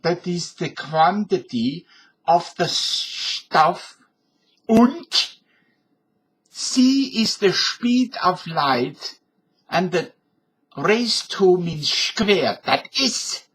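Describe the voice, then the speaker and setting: A man voicing an elderly German physicist in German-accented English, explaining slowly and patiently like a professor into a webcam. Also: high-pitched, sing-song, fairly bright tone, husky, voice pushed up, exaggerated voice, poor audio. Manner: slow, deliberate explaining.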